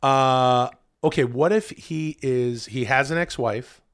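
A man co-hosting a podcast in casual chat, excitable and rambling, with many fillers and frequent swearing. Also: medium pitch, slow pace, clean tone. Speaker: podcast co-host.

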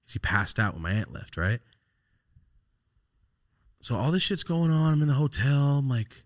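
A man hosting a podcast, telling a personal story in a raw, profane, halting way, his voice sometimes sinking almost to a whisper. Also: mid-range voice, expressive, no room sound, studio quality. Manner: raw, profane, halting, drops to a near-whisper when upset. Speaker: podcast host. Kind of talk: casual storytelling.

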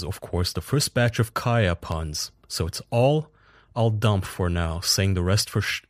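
Male podcast co-host, very low voice, dry close sound, jokey delivery. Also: dry recording. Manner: joking, goofy asides. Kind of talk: casual chat.

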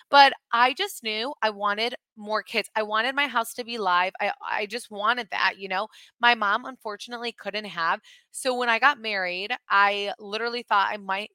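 A woman in her thirties with a bright, slightly high voice tells a family story in loose, filler-heavy chat. She sounds close to the mic in a dry space. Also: no room sound. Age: 30s. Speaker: podcast co-host.

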